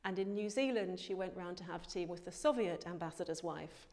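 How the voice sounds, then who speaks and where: An older woman speaking in a documentary interview, measured and reflective, as a theatre director. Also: lowish voice, a little mellow. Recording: long reverberant hall sound.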